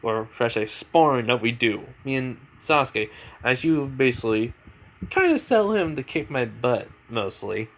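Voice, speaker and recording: A man's voice: mid-range voice, very animated, moderate pace. A man doing a cocky teasing teen ninja. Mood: casual. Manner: teasing, easygoing.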